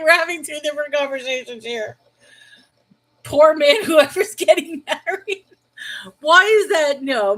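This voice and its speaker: A middle-aged woman hosting a casual livestream, chatting with viewers, laughing often, and slowing down to give earnest spiritual advice. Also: sits high, a bit bright, poor audio. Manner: earnest and slow when giving spiritual advice. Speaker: host of a Bible livestream.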